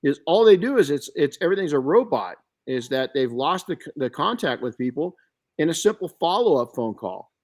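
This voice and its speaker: A middle-aged man hosting a podcast, chatting casually and telling stories in an animated way, often restarting his sentences. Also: on the high side, a little fast. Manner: storytelling, animated, frequent restarts and self-corrections. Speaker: podcast host.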